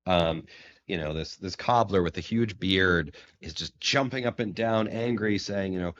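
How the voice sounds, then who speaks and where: A man's voice: sits low, moderate pace, a bit bright, muffled recording. A man co-hosting a casual chat about comics, enthusiastic and often restarting his sentences. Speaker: podcast co-host.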